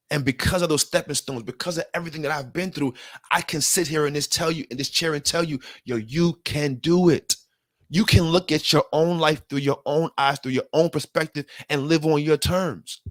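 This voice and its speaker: A man's voice: a little high, fairly even intonation, brisk, no echo, clean studio sound. A man giving an earnest motivational self-help talk straight to the listener, in casual slang, often repeating himself and getting worked up. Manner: earnest, repetitive, gets worked up.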